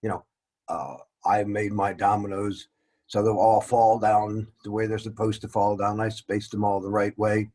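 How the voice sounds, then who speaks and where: A man's voice: fairly low pitch, flat delivery, normal speed, darkish tone, poor audio. A man teaching a casual lesson, rambling and joking at his own expense. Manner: rambling, joking and self-deprecating. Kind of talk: casual classroom-style lecture.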